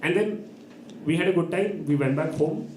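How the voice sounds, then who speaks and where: A man's voice: a little high, normal speed, reverberant, a little hiss or hum. Man telling a story on an open mic stage. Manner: animated storytelling, acts out voices, laughs often. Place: live open mic venue.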